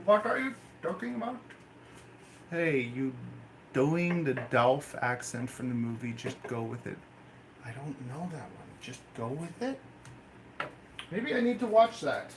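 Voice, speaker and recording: A man's voice: a little high, big pitch swings, measured pace, pauses often. A man from Canada chats with his live-stream audience in a playful, teasing way, taking his time over each line. His voice bounces around a roomy, echoey room, with faint noise underneath. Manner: playful, joking banter with chat. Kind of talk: casual live-stream chat. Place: indoor room with pet snakes.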